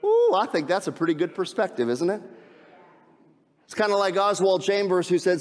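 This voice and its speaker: A man preaching a sermon as pastor, swinging from urgent, loud appeals to hushed, slow emphasis and repeating key phrases. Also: sits high, big pitch swings. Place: church sanctuary. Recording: long hall reverb.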